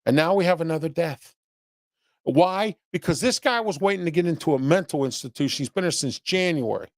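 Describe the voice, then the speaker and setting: A man's voice: on the high side, lively intonation, brisk, dry recording, clean studio sound. A man hosting his own commentary show, scolding his audience bluntly with rhetorical questions and repeated "okay?", often rambling. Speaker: host of a local commentary show. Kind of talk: opinion commentary, reading viewer chat.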